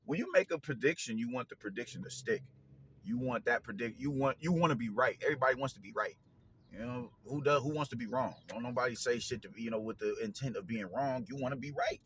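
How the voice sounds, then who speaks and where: A man's voice: medium pitch, very animated, fast talker, fairly bright tone, a little hiss or hum. A man hosting a casual fight breakdown, talking in slangy, profane bursts, repeating phrases as he gets worked up. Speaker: boxing commentator, show host.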